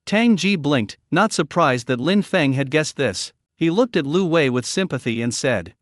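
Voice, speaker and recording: A man's voice: fairly high pitch, very animated, moderate pace, few pauses, no echo. Man narrating a story recap, dry close mic. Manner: reads all characters' lines in his own voice.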